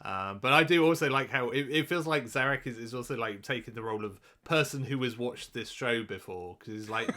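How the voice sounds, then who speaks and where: A man's voice: medium pitch, a little fast, hardly any pauses, sharp tone. A man co-hosting a podcast, chatting casually and joking, often restarting his sentences. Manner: rambling, self-interrupting, joking. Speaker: podcast co-host. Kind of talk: casual chat.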